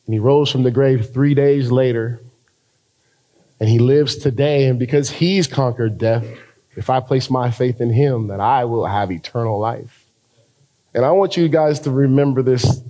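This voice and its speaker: A man with an American accent preaching a sermon as pastor, climbing to loud emphatic peaks and drawing key phrases out slowly. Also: medium pitch, poor audio.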